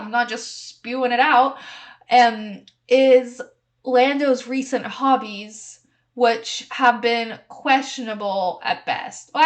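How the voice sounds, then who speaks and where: A woman's voice: on the high side, fairly bright tone. Chatty, giggly young woman podcaster. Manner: chatty and giggly, heavy use of "like" and "um"; playfully snarky hot takes. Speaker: podcast host. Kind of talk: casual solo podcast chat.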